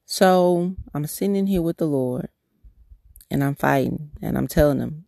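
Gravelly-voiced woman sharing candid testimony. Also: sits low, measured pace, warm tone, no echo, clean studio sound. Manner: candid, earnest storytelling with restarts. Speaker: podcast host. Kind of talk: personal devotional testimony.

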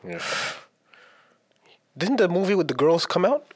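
A young man co-hosting a casual chat, teasing and quick with questions in a laid-back way. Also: sits high, big pitch swings, a little mellow.

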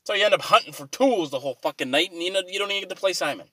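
A man with a fairly high voice delivers a rambling, swear-heavy rant, sounding fed up and wry. The sound is close and dry, with no room echo. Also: expressive, racing, bright, forceful tone. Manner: rambling, exasperated, swears a lot. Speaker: vlogger. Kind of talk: profane comic rant.

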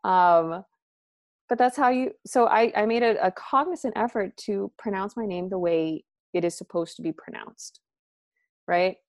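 A woman talking casually as a podcast guest, animated and full of "like" and "um", acting out what her friends said. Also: moderate pace, no room sound, clean studio sound. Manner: animated, acts out quoted friends with pitch jumps; filler-heavy, frequent "like" and "um". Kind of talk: casual conversation.

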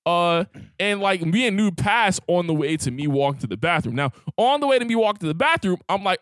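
A man's voice: high voice, big pitch swings, a little fast, few pauses, fairly bright tone, no room sound, clean studio sound. A man co-hosting a podcast, telling a crude story in casual chat with lots of animation. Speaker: podcast co-host.

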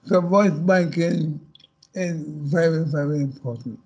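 A man speaking as a panel guest, talking slowly and haltingly with many restarts. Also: fairly high pitch, a little mellow, breathy edge, dull audio. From Caribbean heritage. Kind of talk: panel discussion.

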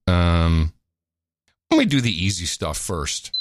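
A man's voice: low-pitched, big pitch swings, takes it slowly, dry recording, clean studio sound. A man co-hosting a casual political chat show, talking in a loose conversational way. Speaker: podcast co-host.

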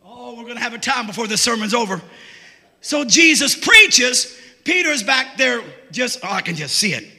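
A very high-pitched man preaches a sermon. His voice is piercingly bright, and his folksy, joking delivery keeps swelling into shouts. A long reverb from the church hall trails every phrase. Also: very animated, normal speed.

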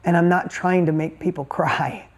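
A man's voice: a little high, steady tone, moderate pace. Emphatic male motivational speaker. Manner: emphatic, repetitive, storytelling. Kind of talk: motivational talk.

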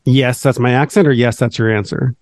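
A man's voice: mid-range voice, fairly even intonation, fairly quick, darkish tone, no echo. Playful, teasing man with a dry sound. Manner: playful, teasing quiz-master. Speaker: podcast co-host. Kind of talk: casual chat.

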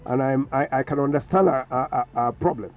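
A professor appears as a guest on a radio talk show, speaking in a mid-range, darkish male voice at a fairly quick pace. He is emphatic and preachy and keeps repeating his phrases. The mic is distant, with faint music underneath.

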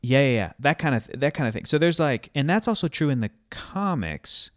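A man's voice: mid-range voice, sing-song, brisk, no echo, clean studio sound. A man co-hosting a casual podcast chat, rambling with many fillers and restarts. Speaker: podcast co-host.

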